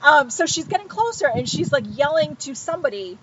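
A woman with a slightly high voice tells a story in casual podcast chat. She acts out each character's lines and swears freely. The audio is dull and lo-fi, with a faint hiss behind it. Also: expressive, brisk, hardly any pauses. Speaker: podcast co-host.

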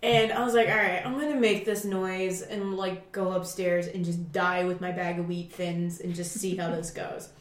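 A woman's voice: on the low side, normal speed, hardly any pauses. Woman co-host rambling thru a funny story, cusses, does little voices, echoey room. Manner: lively storyteller, swears, acts out quotes. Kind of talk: casual chat.

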